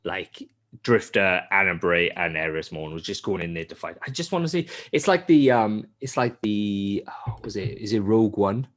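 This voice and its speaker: A man's voice: lowish voice, animated, moderate pace. A man co-hosting a casual gaming podcast, ranting animatedly and swearing a lot. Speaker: podcast co-host.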